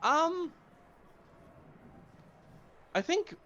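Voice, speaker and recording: A man's voice: extremely high pitch, sing-song, very slow, pushed and bright, lo-fi sound, slight background noise. A man playing a tabletop game as a player, talking casually and laughing often. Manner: casual, laughs between lines.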